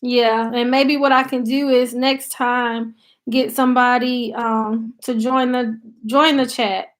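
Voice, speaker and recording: A high-pitched woman with an American country accent talks to her viewers in a loose, chatty way. She reads their comments aloud and thinks out loud, with plenty of ums and you-knows. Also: flat delivery, slow. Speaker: YouTube channel host. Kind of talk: casual live-stream chat, reading viewer comments aloud.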